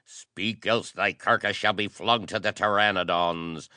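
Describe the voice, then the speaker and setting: A man's voice: on the low side, steady tone, unhurried, sharp tone, dry recording, studio quality, pitched above the performer's own voice. A man voicing a stern young prince who speaks in a cold, menacing way. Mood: snarling.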